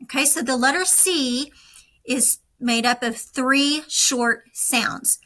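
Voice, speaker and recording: A woman teaching a recorded lesson, speaking slowly and deliberately to young students. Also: sits high, pushed and bright, a little hiss or hum, poor audio. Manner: slow, deliberate, instructive.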